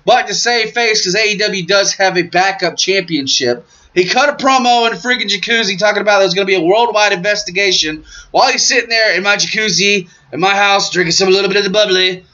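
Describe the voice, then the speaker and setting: A man's voice: sits high, fast, few pauses, sharp tone. A man co-hosting a casual chat, enthusiastic, joking and emphatic. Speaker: podcast co-host. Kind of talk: casual chat about pro wrestling. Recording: muffled lo-fi audio.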